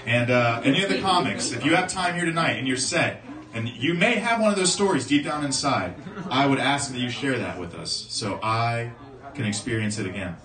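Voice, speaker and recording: A young man from South Florida doing a profane stand-up set, telling a story and suddenly shouting the voices of the people in it. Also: mid-range voice, lively intonation, moderate pace. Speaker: stand-up comedian. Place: comedy club stage. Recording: roomy club sound from a distance, crowd audible.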